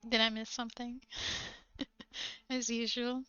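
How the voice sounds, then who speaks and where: A woman's voice: fairly high pitch, level tone, slow, sharp tone, clear, resonant tone, no echo. A woman streamer chatting casually and giggling often while she crafts on a livestream, recorded on a slightly dull desk mic.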